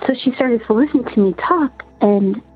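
A woman caller telling a personal story in an earnest, halting, repetitive way over the phone. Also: fairly high pitch, husky. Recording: tinny phone line with faint music.

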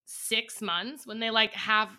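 A woman's voice: a little high, fairly even intonation, takes it slowly, sharp tone, clean tone. A young adult woman co-hosting a podcast, chatting casually and rambling, with the odd swear. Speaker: podcast co-host. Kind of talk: casual chat.

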